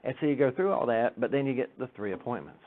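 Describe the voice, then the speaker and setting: Speaking fast and with animation in a mid-range voice, this church speaker keeps things casual, telling stories full of jokes and acted-out quotes. It sounds tinny, as if heard over a phone.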